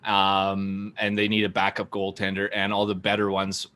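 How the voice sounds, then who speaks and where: Guy with a sharp bright voice shooting down trade ideas, blunt. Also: low-pitched, completely flat delivery, normal speed. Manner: blunt, skeptical. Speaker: podcast panelist. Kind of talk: casual sports chat.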